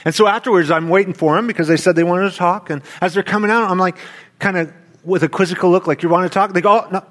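Animated storytelling preacher man. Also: high-pitched, fast. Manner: animated storytelling preacher, acts out quoted voices, laughs. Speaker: pastor. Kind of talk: sermon. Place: church.

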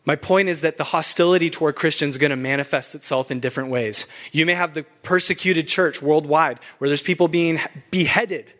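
A man's voice: on the high side, brisk, few pauses, a bit bright. A young adult man preaching a sermon as pastor, emphatic and fired up, with laughs between points.

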